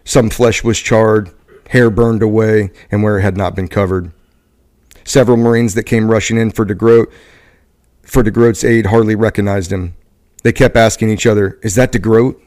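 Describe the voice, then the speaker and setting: A man hosting a podcast who reads a book passage aloud at a steady pace, now and then stumbling and correcting himself. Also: fairly low pitch, normal speed. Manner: steady reading with occasional stumbles and self-corrections. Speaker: podcast host.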